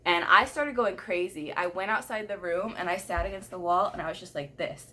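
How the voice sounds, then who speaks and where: A young woman in her twenties telling a personal story in a frank, casual way, swearing freely and quoting people in lively voices. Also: fairly low pitch, brisk, a little hiss or hum. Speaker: vlogger.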